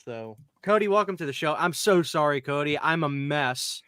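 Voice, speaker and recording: A man hosting a podcast, telling stories in a rambling, excitable, casual way. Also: on the high side, moderate pace, clear, resonant tone, no echo, clean studio sound. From Louisiana, US. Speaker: podcast host. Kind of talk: casual chat.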